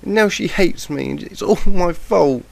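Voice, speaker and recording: A man's voice: mid-range voice, expressive, unhurried, no room sound, voice pushed up. A man doing a tearful timid pegasus girl. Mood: sobbing distraught. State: has a cold, croaky. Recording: noisy lo-fi mic.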